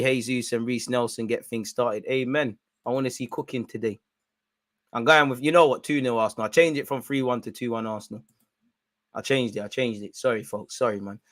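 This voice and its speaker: A young man giving excitable, slang-filled banter on a live football watch-along stream. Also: mid-range voice, no room sound.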